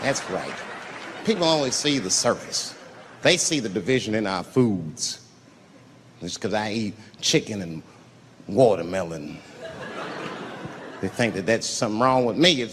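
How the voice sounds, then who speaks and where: This comedian's voice is fairly low and expressive, a little slow, with frequent pauses. He swaggers through a profane story on a big live stage, swinging from loud to quiet, captured with long reverb and crowd noise.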